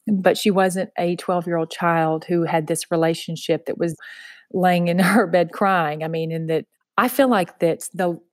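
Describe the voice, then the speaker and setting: A woman's voice: fairly low pitch, steady tone, measured pace, no room sound, clean studio sound. A woman with a Southern US accent, earnestly telling her personal story in an interview, with lots of "you know.". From Texas. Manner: soft-spoken, earnest, heavy use of "you know". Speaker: interview guest.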